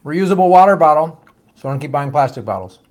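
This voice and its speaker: A man hosting a live stream with a voice that sits a bit high for a man. He reads out viewer comments and questions in a loose, jokey way, swearing now and then and trailing off into asides and fillers. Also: animated, quick pace, darkish tone. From United States. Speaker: host of a political show.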